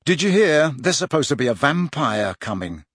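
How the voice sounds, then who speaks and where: A man's voice: fairly high pitch, very animated, moderate pace, no echo, clean studio sound. A man voicing a blunt teenage schoolboy in a storybook reading.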